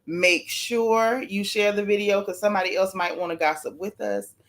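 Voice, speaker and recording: A woman's voice: medium pitch, steady tone, moderate pace. A woman hosting a casual gossip livestream, chatting to viewers and apologizing while she keeps sneezing from allergies.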